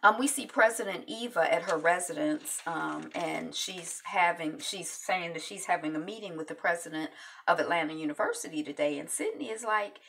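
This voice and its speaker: A woman casually recapping a TV episode, chatty and loose, with lots of ums and quick asides. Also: on the low side, gravelly, fairly bright tone, recorded from a distance. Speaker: TV recap vlogger.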